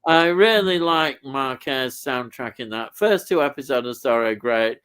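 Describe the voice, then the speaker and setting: A man's voice: medium pitch, animated, normal speed, fairly bright tone, smooth. Chatty man reading viewer comments. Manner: chatty, laughs often, reads out comments. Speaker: live stream co-host. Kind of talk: casual live-stream chat reading viewer comments.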